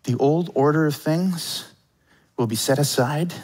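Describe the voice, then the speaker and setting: A man preaching a conversational sermon. He acts out quoted lines with feeling, going quiet and slow on the despairing parts. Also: on the high side, low-quality recording. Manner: conversational, animated preaching with dramatic quoted voices. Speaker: pastor.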